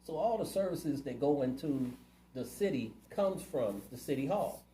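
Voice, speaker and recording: A man's voice: a little high, expressive, moderate pace, warm tone, echoey room, a little hiss or hum, rough recording. A man running for city council, answering interview questions in a plainspoken, earnest way. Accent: Ohio. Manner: earnest, plainspoken, community-minded.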